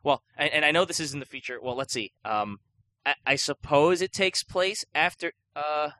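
A man's voice: on the high side, normal speed, pushed and bright, dry recording. A young man co-hosting a podcast, chatting casually in a rambling way with lots of fillers and restarts. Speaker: podcast co-host. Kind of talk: casual chat.

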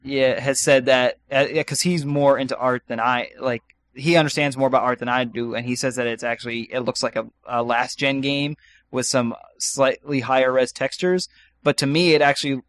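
A man's voice: mid-range voice, steady tone, normal speed, a bit bright, no echo. Rambling man on a podcast, dry close mic. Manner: rambling, lots of ums and restarts. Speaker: podcast co-host. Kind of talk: casual chat.

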